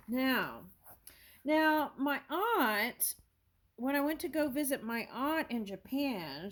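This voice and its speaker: Excitable, scattered woman tarot reader. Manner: scattered and excitable, apologizing and backing up; bursts of high-pitched amazement. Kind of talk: casual spiritual reading with read-aloud prayers. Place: home with her dog nearby.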